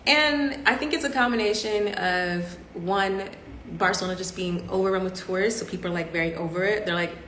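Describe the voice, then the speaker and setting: A woman, chatting casually on a live stream. Her voice is neither high nor low, and she is expressive and laughs often. The audio carries a roomy echo over a faint hum. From Southern United States. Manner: chatty and expressive, laughs often, acts out other people's lines. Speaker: podcast host. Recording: echoey room with faint background hum.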